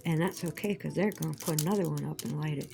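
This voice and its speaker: A woman's voice: sits low, fast talker, gravelly, noisy background. A woman chatting casually while crafting, rambling and profane, with emphatic outbursts. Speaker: vlogger.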